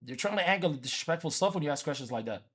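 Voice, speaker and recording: A fairly high-pitched man with a husky edge to his voice, chatting loosely on a livestream. He is from Africa and keeps teasing and repeating lines as he answers his chat. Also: animated, very fast, a bit bright. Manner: repetitive, teasing, talks back to chat. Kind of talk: casual stream chat.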